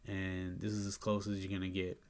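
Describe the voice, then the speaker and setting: A sleepy, yawning man casually talking through his day trades, relaxed and chatty, thinking aloud with fillers and soft laughs. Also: sits low, brisk. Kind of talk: casual screen-recorded trade review.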